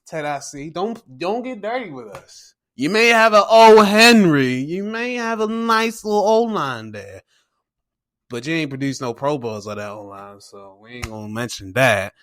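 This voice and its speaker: Excitable, slangy man with a bright voice. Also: a little high. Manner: excitable and slangy, swears freely; retells games by acting out his own reactions. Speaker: sports podcast host. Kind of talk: casual sports recap chat.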